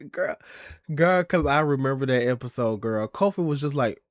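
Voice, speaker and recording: A man's voice: mid-range voice, moderate pace, no room sound, clean studio sound. A young man live-streaming in a sassy, chatty way, swearing a lot and calling his viewers "girl" and "y'all.". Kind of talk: casual live-stream chat.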